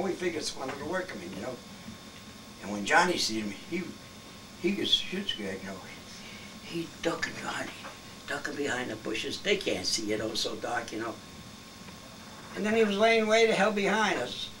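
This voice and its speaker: An elderly man in his eighties spins rambling, salty old stories and keeps chuckling as he goes. His voice sits a touch high. He is caught from across the room on a home video, with clear noise behind him. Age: 80s. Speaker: grandfather telling old stories. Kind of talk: casual storytelling. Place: family birthday gathering at home. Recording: distant home-video recording with background noise.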